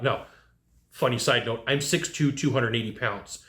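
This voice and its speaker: Animated man telling work stories, roomy sound. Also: medium pitch, moderate pace. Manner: animated storyteller who acts out quotes. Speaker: HVAC sales trainer. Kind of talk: casual advice monologue.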